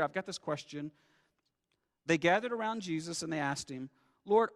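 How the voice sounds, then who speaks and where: A man with a fairly high voice preaching to his congregation, heard with a long hall reverb. He talks in a lively, conversational way and slips into acted-out asides. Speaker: pastor. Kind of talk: sermon.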